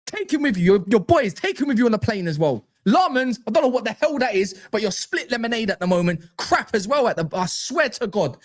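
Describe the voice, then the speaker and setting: A man rants about football, frustrated and full of slang. His pitch leaps all over the place, up and down from one line to the next. He talks in a lively, worked-up way. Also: a little fast, few pauses. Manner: animated, frustrated ranting with slang. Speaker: host. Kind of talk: football reaction rant.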